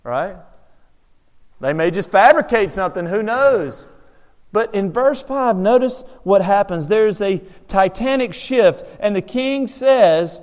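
Man, pastor, preaching a sermon, animated, rhetorical questions, high voice, long hall reverb. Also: takes it slowly.

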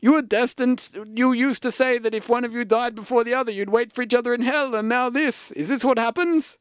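A man's voice: extremely high pitch, fairly quick, clear, resonant tone, no echo, voice pushed up. Brief: older father-in-law, wailing and rambling in a mock-northern voice, a male game master putting it on. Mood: lamenting. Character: lamenting old father-in-law.

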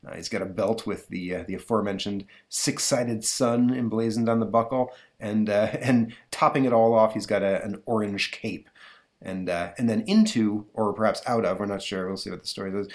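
A man's voice: on the low side, steady tone, moderate pace. A man hosting a comic book review podcast, talking hesitantly with many fillers. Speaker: podcast host.

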